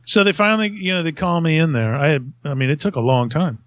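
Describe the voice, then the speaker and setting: A man's voice: on the high side, expressive, quick pace, dry recording, muffled recording. A man telling a long story in casual podcast chat, rambling and self-mocking, laughing often.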